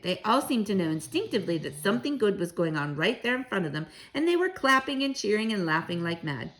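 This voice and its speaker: A woman reading a children's novel aloud, with expressive, animated delivery. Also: mid-range voice, low-quality recording.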